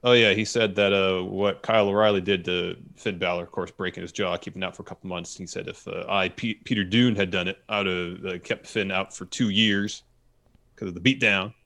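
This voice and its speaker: A man co-hosting a casual chat, chiming in quickly with comments and agreement. His voice is very low and gravelly, with a bright edge. He talks at a brisk clip. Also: fairly even intonation. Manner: quick, chatty, chimes in with agreement. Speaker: podcast co-host.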